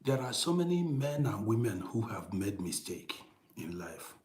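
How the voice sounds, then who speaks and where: A middle-aged man telling a personal story in a casual monologue, dropping to hushed whispers and rising to loud, emphatic bursts, often repeating and restarting phrases. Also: lowish voice, sing-song, a little slow, roomy sound, a little hiss or hum. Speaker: storytelling channel host.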